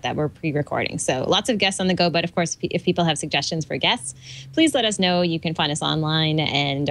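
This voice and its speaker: Fast-talking low-voiced woman co-host. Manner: brisk, organized, playful teasing. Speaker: podcast co-host. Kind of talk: casual chat.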